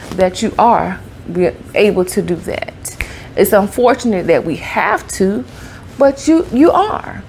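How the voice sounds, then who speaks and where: Woman, gravelly, faint background hiss, personal talk to camera. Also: mid-range voice, a little mellow. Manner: heartfelt, conversational, repeats phrases. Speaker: vlogger.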